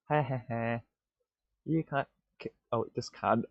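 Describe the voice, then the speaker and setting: A man streaming live, muttering to himself in excitable bursts with stammered restarts, on dull lo-fi stream audio. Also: medium pitch, moderate pace, vocal fry, no room sound. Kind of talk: casual live-stream self-talk.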